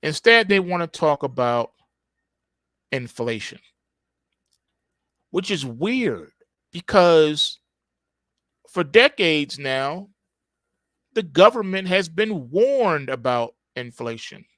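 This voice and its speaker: A man's voice: on the high side, sing-song, slow, pauses often, fairly bright tone, no room sound. A man hosting a market report, delivering opinionated commentary with sarcastic, emphatic rhetorical questions.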